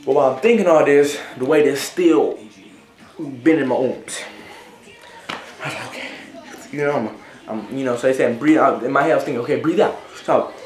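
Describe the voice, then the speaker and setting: A young man vlogs in an echoey room with crowd noise behind him, speaking at medium pitch and normal speed with long pauses. He rambles through a casual story to camera, using lots of fillers and asking "right?" often.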